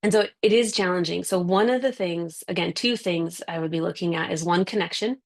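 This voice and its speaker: A woman parenting coach talking from home on a video call, chatty and quick to act out everyday scenes. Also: fairly low pitch. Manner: chatty, acts out scenes with voices. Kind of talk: casual interview answer. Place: home with kids and a dog nearby.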